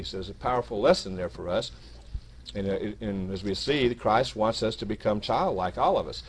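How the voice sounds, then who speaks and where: A man's voice: on the low side, fairly quick, husky. A man giving a short sermon to his congregation, reading scripture aloud with rising emphasis and small restarts. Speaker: minister.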